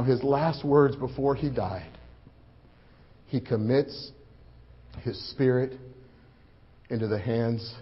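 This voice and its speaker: A man playing a grieving male disciple in a dramatic first-person sermon, swelling loud for the crowd and sinking hushed and low. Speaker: preacher in first-person monologue. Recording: muffled lo-fi recording.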